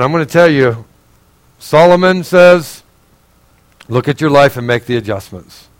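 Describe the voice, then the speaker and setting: A male pastor preaching in a conversational, earnest way, asking the congregation direct questions and swinging between raised, emphatic passages and quiet, low asides. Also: dry recording, rough recording. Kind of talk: sermon.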